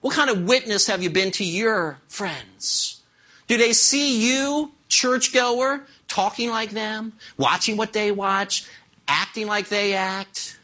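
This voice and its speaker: A man's voice: high-pitched, slow pace, pushed and bright. A man preaching a sermon as pastor, asking the congregation rhetorical questions.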